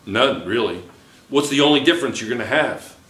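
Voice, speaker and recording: Bright-voiced joking chemistry teacher. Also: male voice, mid-range voice, lively intonation, fairly quick. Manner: playful, joking with students, asks lots of questions. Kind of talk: classroom lecture. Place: classroom. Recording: echoey classroom.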